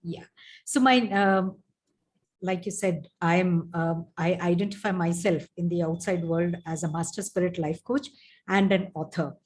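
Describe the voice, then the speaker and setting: A woman's voice: fairly low pitch, fairly even intonation, unhurried. Fluent woman guest speaker. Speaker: guest, life coach and author. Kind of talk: interview conversation.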